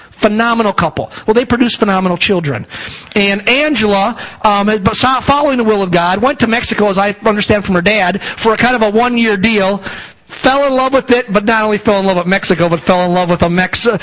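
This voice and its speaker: A man's voice: sits high, poor audio. A male pastor introducing guests to his congregation in a church, talking in a rambling way with many restarts. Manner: rambling, warm-hearted with frequent restarts and fillers. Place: church sanctuary.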